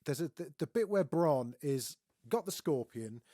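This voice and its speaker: A man co-hosting a podcast in casual, rambling chat, swearing now and then as he gets excited. The sound is dry and close, with no room around it. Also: a little high, measured pace, dry recording. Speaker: podcast co-host.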